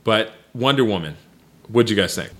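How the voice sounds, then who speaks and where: A man's voice: fairly low pitch, animated, moderate pace. A man hosting a casual chat, arguing hard and swearing often. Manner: argumentative, swears a lot, loud laughs. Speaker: podcast host.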